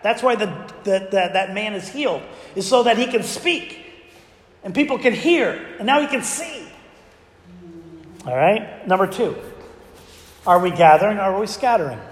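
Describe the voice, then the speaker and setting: A man's voice: high voice, expressive, moderate pace, pauses often. A man preaching a sermon to his congregation in a conversational way, asking them frequent rhetorical questions. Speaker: pastor. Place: church sanctuary. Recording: echoey church hall with long reverb.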